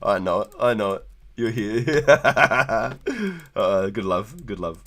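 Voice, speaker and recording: A man's voice: fairly low pitch, slow, fairly bright tone. A man live-streaming a game, chatting loosely with viewers, laughing often and swearing freely. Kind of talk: casual live gaming stream chat.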